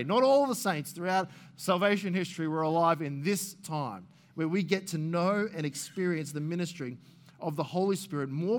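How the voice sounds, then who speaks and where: Man preaching, pastor, high voice, earnest, asks the room questions, repeats words. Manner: earnest, questioning the congregation directly; repeats words as he thinks aloud. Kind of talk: sermon.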